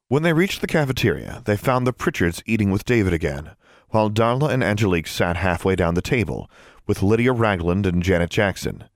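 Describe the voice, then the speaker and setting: Male audiobook narrator, low register, animated delivery, dry booth sound. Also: brisk, dry recording. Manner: expressive storytelling. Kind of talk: scripted narration.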